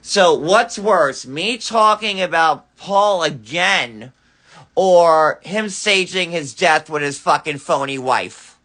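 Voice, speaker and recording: A man's voice: fairly high pitch, animated, takes it slowly, sharp tone. Furious stammering man ranting. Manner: furious, profane, stammering restarts. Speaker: livestreamer. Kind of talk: angry ranting livestream. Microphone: phone.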